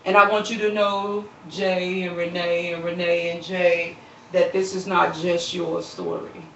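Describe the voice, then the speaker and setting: A woman delivering an impassioned, preaching-style appeal on a live stream, repeating phrases and quoting scripture, swelling into shouts and dropping soft, recorded on a phone. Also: fairly low pitch, flat delivery, unhurried, noisy background. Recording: roomy, distant, dull phone recording.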